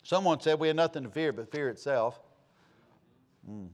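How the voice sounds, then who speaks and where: A middle-aged man preaching a sermon, telling stories and swinging from loud to hushed. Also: a little high, moderate pace. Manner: folksy, animated storytelling with sudden loud and soft swings. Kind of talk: sermon with storytelling.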